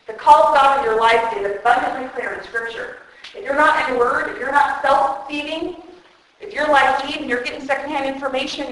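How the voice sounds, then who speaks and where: Middle-aged woman preacher, high voice, animated and humorous, booming echo of a large hall. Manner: animated, jokey, acts out voices. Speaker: women's speaker preaching on Genesis. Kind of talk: sermon. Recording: very echoey hall.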